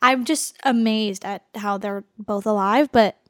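A woman in her twenties, a podcast co-host, telling a story in casual chat, full of "like" and quick laughs. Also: medium pitch, no echo, clean studio sound. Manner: animated storyteller, frequent "like" and laughs.

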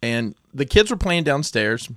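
A man's voice: mid-range voice, sing-song, measured pace, a bit bright, no echo, clean studio sound. A man co-hosting a podcast, telling a light anecdote in an easygoing, chuckling way. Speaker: podcast co-host. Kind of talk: casual podcast chat.

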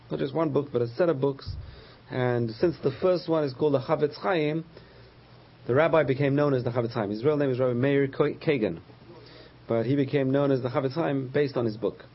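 A man teaching a religious lesson, patiently explaining terms, repeating key words and pausing with frequent uh's. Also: medium pitch, husky, muffled recording. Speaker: Torah teacher.

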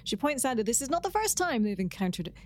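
A woman co-hosting a podcast, chatting casually and enthusiastically with lively asides. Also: a little high, fast talker. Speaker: podcast co-host.

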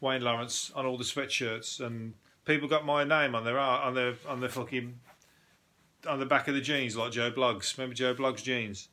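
A solo podcast host, recording at home without video, mocks a string of odd news stories with plenty of swearing, chuckling at his own jokes. He speaks at a moderate pace in a mid-range voice that is steady, bright, and forceful.

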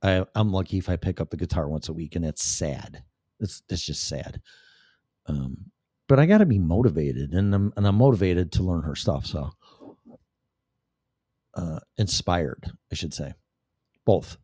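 A man's voice: low-pitched, expressive, moderate pace, long pauses, dark tone, slightly rough, no room sound, studio quality. A man hosting a livestream in a casual ranting monologue, profane and rambling, with sudden shifts of voice. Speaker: livestream host.

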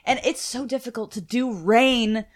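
A woman's voice: fairly high pitch, moderate pace. A woman co-hosting a casual chat about comics, blunt and chatty, swearing freely. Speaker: podcast co-host. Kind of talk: casual comic book discussion.

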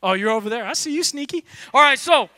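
A man preaching a casual, energetic sermon from a church stage, talking loosely with lots of "like" fillers and jokes. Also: extremely high pitch, fast talker, no room sound. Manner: loose and conversational, full of "like" fillers, jokey. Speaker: pastor.

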